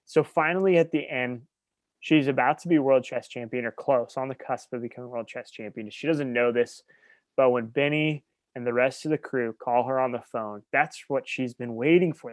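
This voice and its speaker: A man's voice: mid-range voice, dry recording. Enthusiastic man gushing in casual chat. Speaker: podcast co-host.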